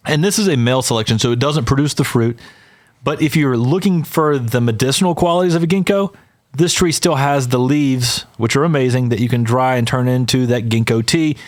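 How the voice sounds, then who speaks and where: A man's voice: medium pitch, fairly quick. A man co-hosting a podcast, talking casually and with enthusiasm, who says "y'all" to listeners. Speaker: podcast co-host.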